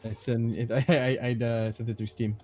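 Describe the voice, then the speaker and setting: A man's voice: mid-range voice, little pitch movement, normal speed, a little mellow, soft background music. A man playing a tabletop game, chatting casually and stammering often. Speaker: player. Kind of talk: casual chat.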